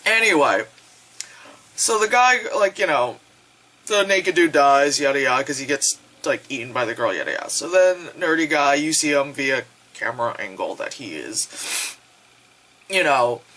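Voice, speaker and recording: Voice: mid-range voice, expressive, normal speed, pushed and bright, poor audio. A reviewer recapping a horror film in a casual vlog, rambling and swearing freely and acting out the characters' lines. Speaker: movie reviewer.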